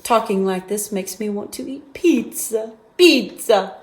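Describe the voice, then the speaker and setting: A woman teaching a children's music lesson, slowly sounding out terms and singing examples at different volumes. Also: mid-range voice. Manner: slow, clearly enunciated teaching voice. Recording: echoey room.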